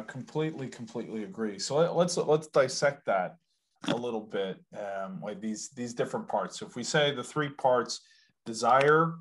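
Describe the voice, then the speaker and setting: A man hosting a podcast interview, speaking with enthusiasm in a casual way. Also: lowish voice. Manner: enthusiastic, upbeat. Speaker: podcast host.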